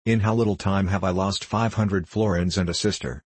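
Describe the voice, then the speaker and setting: A young man who has been swindled, crying out and pleading in archaic storybook speech, as a male narrator reads him. The voice sits low and husky, close and dry. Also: steady tone, moderate pace, a little mellow, dry recording. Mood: lamenting.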